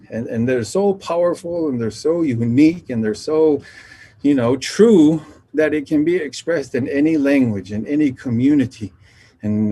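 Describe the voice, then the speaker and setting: A man, from the Nation, sharing traditional teachings in a gentle, unhurried storytelling talk that pauses and circles back. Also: medium pitch, slightly rough. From Navajo Nation.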